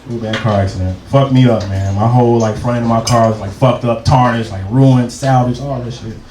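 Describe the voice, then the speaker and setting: Young male stand-up comic, profane storyteller, banters with the crowd, heard from a distance over a loud audience. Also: medium pitch, fairly even intonation, fairly quick. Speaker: stand-up comedian. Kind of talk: stand-up comedy set. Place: comedy club stage. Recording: roomy live club sound from a distance with crowd.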